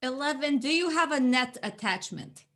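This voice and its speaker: A woman playing a tabletop game, asking quick questions. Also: high voice, expressive, bright, forceful tone. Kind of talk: casual tabletop game chat.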